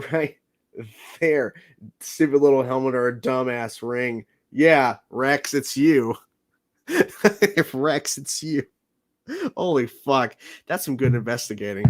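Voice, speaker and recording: Rambling man chatting on a livestream. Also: medium pitch. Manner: laughs often, rambling with restarts and fillers. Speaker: livestream host. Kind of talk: casual livestream chat.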